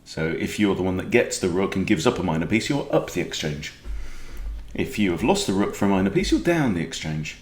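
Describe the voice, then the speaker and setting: A man's voice: sits low, very animated, fairly quick, reverberant. A man with a Welsh accent, a chess coach chatting and joking as he thinks aloud through a game. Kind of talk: casual game commentary.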